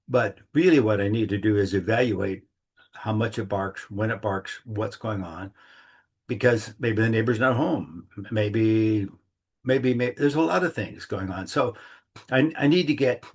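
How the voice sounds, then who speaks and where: A man's voice: lowish voice, slightly rough. A middle-aged man giving a casual, rambling monthly talk, acting out little inner dialogues in a folksy way. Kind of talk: casual reflective monologue.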